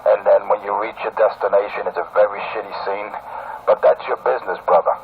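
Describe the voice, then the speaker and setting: Low-voiced taunting man over tinny radio. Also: fairly even intonation, brisk, gravelly. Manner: taunting, calls the other man 'brother' over and over. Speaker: CB radio caller. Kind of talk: trash-talking radio banter. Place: CB radio channel. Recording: tinny radio transmission with crowd noise.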